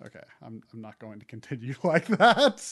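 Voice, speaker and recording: A man's voice: fairly high pitch, unhurried. A man casually chatting and laughing while playing a retro game on a live stream. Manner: chatty, laughs often, animated.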